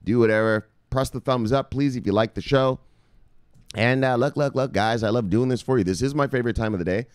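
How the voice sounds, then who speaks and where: A man's voice: mid-range voice, a little fast, smooth, no room sound, clean studio sound. A man hosting a crypto video, talking in a casual, profane hype monologue and repeating words for emphasis.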